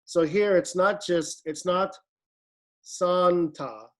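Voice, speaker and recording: Running a virtual choir rehearsal, this man speaks unhurriedly in a higher-leaning voice with a darkish tone. He takes his time explaining Latin diction and models every sound for the singers.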